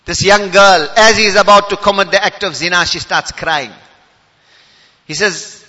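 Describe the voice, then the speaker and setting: A man preaching, swinging between hushed and loud, reciting Arabic verses rapidly. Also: high-pitched. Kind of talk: sermon. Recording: hall reverb.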